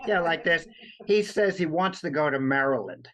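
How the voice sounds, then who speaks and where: A man co-hosting a casual talk show, telling a story in halting bursts and acting out the quoted lines. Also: a little high, a crowd in the background. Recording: dull lo-fi sound.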